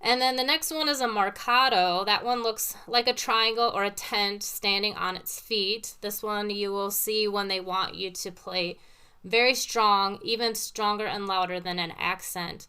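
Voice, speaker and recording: A woman's voice: medium pitch, steady tone, measured pace, sharp tone, clear, resonant tone. A woman teaching piano, patiently explaining with everyday comparisons between played examples. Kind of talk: casual teaching talk with demonstrations. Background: piano played between phrases.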